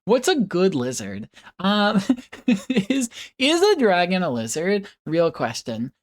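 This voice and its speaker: A woman's voice: on the low side, huge pitch swings, slow. A woman streamer chatting casually with her viewers, rambling and giggling, with playful puppy noises.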